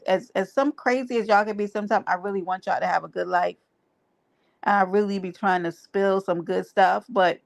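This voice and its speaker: Woman, livestream host, gravelly voice, emphatic, repeats herself, talks straight to chat. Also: mid-range voice. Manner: preachy, emphatic, repeats phrases. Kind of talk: casual livestream talk to chat.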